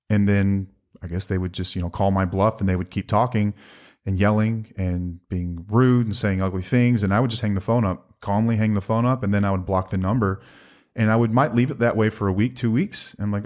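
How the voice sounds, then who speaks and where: A man's voice: lowish voice, fairly quick, a little mellow. A man in his thirties co-hosting a podcast, talking earnestly in casual chat with some teasing jokes. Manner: earnest, joking. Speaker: podcast co-host. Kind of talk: casual conversation.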